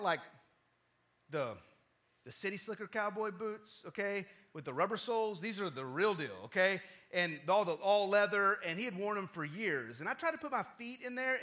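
A bright, high-pitched man delivers a sermon as a pastor. He tells a story with a lively, widely swinging voice. His tone is chatty, and he keeps checking in with his congregation. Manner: animated, conversational, keeps checking in with the audience.

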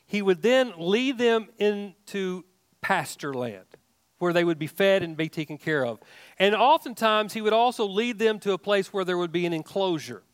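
A man delivers a sermon in a high-pitched voice, pressing his points with rising, emphatic questions and stumbling restarts. The sound is dry and close, with no room around it. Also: animated, normal speed, clear, resonant tone, dry recording. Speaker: pastor.

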